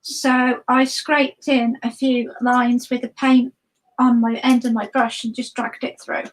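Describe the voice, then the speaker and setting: A woman's voice: on the high side, little pitch movement, unhurried, low-quality recording. A woman, a guest artist chatting through a live watercolor demo in a rambling, friendly way with many ums and restarts. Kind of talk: live-stream art demo chat.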